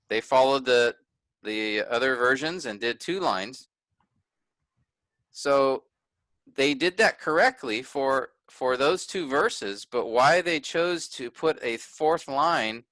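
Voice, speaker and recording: Male workshop teacher, clear bright tone, dry close sound, methodical explainer. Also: mid-range voice, no room sound. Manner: pointing things out step by step, self-correcting. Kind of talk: explaining a text on screen.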